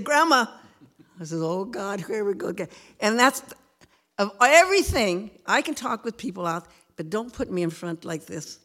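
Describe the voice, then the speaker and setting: A woman's voice: mid-range voice, animated, moderate pace, fairly bright tone. Nervous ninety-year-old woman, prayerful. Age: 90s. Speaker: grandmother interviewed in church. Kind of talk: faith testimony interview.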